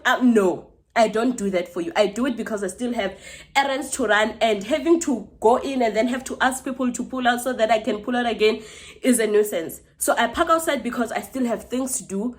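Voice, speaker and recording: A woman's voice: fairly high pitch, a little fast. Indignant woman telling a story. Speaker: vlogger. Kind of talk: storytime vlog.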